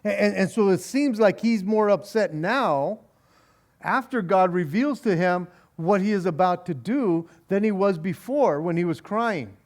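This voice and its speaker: A man's voice: high-pitched, expressive, unhurried. A male pastor giving a conversational Bible study. He reads scripture aloud, then explains it with wry sarcasm, chuckling and repeating words as he goes.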